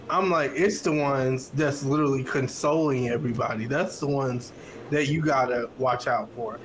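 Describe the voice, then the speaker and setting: A man co-hosting a podcast, giving blunt, relaxed opinions in casual chat. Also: mid-range voice, normal speed, a little hiss or hum, low-quality recording. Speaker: podcast co-host.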